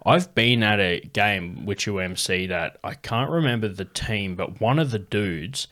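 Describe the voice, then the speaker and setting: A man's voice: lowish voice, a little slow. A young man hosting a podcast, telling rambling, swear-filled stories in casual chat. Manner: swears a lot, rambling and animated storytelling. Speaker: podcast host.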